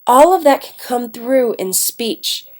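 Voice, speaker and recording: A woman's voice: on the high side, expressive, slow pace. A woman teacher giving a recorded lecture, congested and sniffling, chatty with fillers and self-corrections. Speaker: English teacher.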